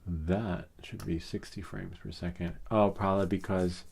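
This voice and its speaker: A man's voice: low voice, flat delivery, normal speed, vocal fry, a little mellow. A middle-aged man hosting a casual tech tutorial, talking in a chatty, rambling way with many fillers and asides. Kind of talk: casual screen-recorded tutorial.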